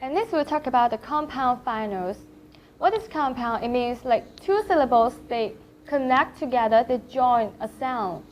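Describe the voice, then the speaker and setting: A woman's voice: sits high, animated, normal speed, a little hiss or hum. A woman with a Thai accent teaching Chinese pronunciation, carefully demonstrating vowel sounds one by one. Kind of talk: pronunciation lesson. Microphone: camera facing the speaker. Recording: slightly dull lo-fi sound.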